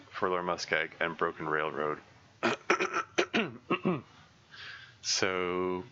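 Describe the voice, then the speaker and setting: A man with a deep voice talks through his game plans as he streams, stopping, restarting and filling gaps with ums. The tone is bright and lively, swinging widely in pitch. The audio is a little dull and lo-fi, with faint game ambience and hiss underneath. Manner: halting, thinking aloud with many fillers and restarts. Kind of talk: casual live gameplay commentary.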